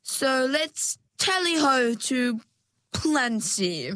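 A vain mermaid lady, as a woman reads her, with a raised, sugary voice full of posh endearments. She speaks slowly in a dry, close storybook sound. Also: high-pitched, sing-song, pushed and bright, no echo, pitched above the performer's own voice, exaggerated voice. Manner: falsely sweet, affected, posh endearments. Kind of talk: storybook narration.

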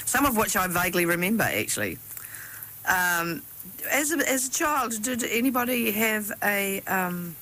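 A woman presenting her segment on a radio show, chatty and telling stories in a relaxed way. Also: medium pitch, measured pace, poor audio. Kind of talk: casual radio chat.

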